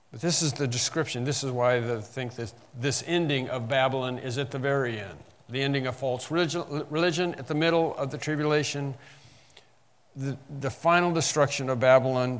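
A man's voice: medium pitch, in a large hall. A man preaching a sermon, explaining scripture and reading passages aloud with rising emphasis. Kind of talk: sermon, Bible exposition.

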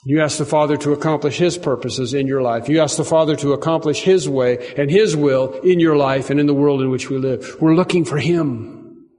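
Man, pastor preaching, earnest, repeats phrases, slightly high voice, long hall reverb. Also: brisk, hardly any pauses, warm tone. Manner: earnest, repeats phrases, rises in pitch and volume for emphasis. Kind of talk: sermon.

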